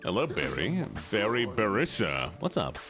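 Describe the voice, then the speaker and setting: A man's voice: lowish voice, wildly swooping pitch, normal speed. A man streaming a game, chatting playfully to his viewers in a casual way. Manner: chatty, playful, talking to chat. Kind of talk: casual gaming stream chat. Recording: game music behind. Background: game music.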